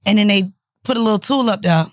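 A woman's voice: mid-range voice, fast, dry recording, studio quality. A woman in her thirties co-hosting a podcast, talking frankly and profanely in casual chat. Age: 30s. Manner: blunt, profane, frank storytelling. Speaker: podcast co-host.

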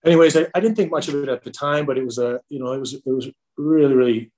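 A middle-aged podcast guest with a medium-pitched, slightly mellow voice shares an emotional personal story. He tells it haltingly, with many restarts and fillers.

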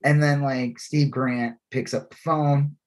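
A man's voice: medium pitch, steady tone, slow pace. A man co-hosting a podcast in casual chat, rambling with many fillers and frequent laughs. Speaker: podcast co-host.

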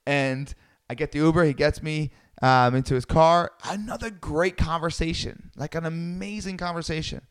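A man telling a personal travel story in a lively way, acting out the people he quotes. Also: on the high side, brisk, clear, resonant tone. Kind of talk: storytelling talk.

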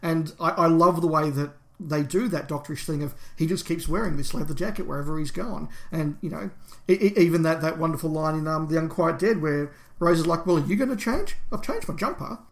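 A man's voice: fairly high pitch, steady tone, fairly quick, vocal fry. A man co-hosting a fan podcast, talking enthusiastically and in detail in casual discussion. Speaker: podcast co-host.

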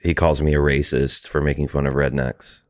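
Very deep-voiced man, deadpan. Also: brisk, no room sound, clean studio sound. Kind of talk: casual comedic chat.

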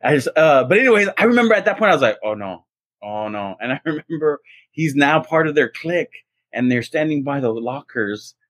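Slightly high and brisk, this man's voice comes through a dry recording. Co-hosting a podcast, he swaps stories in relaxed conversation and animatedly performs the voices of anyone he quotes.

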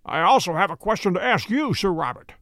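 A man voicing a calm, assured gentleman detective who speaks in a dry, measured, stern way, read from a storybook. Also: high-pitched, gravelly, dry recording, full character voice.

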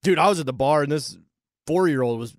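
A man co-hosting a radio talk show, chiming in with quick jokes and laughter. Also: on the high side, no room sound. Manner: joking interjections, laughs often. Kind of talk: casual banter.

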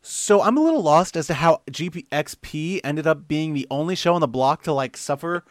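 A man putting on a squeaky, girlish voice for a young male fan, rambling and indignant. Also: expressive, a little fast, no echo, clean studio sound, lightly acted. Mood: whiny indignant.

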